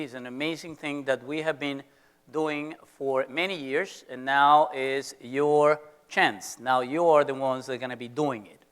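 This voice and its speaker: A man's voice: a little high, fairly bright tone, clear, resonant tone. A middle-aged man with a Venezuelan Spanish accent, a business school professor giving a playful, teasing lecture to students in an auditorium.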